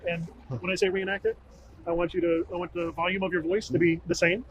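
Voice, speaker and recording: A man working as a police investigator in archival audio, giving calm, methodical instructions. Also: high voice, quick pace, vocal fry, muffled recording, slight background noise. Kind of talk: recorded police interview.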